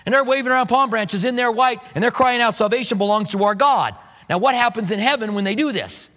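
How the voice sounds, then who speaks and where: A man preaching a sermon, animated and playful, acting out quotes with humor. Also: very high voice, fast, long reverb tail. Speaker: pastor.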